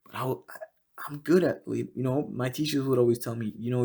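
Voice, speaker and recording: A young man hosting a casual podcast, rambling and swearing constantly, full of fillers and often dropping to a low mutter. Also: fairly even intonation, fast talker, creaky, dark tone, breathy edge. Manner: rambling and heavily profane, with many fillers. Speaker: podcast host.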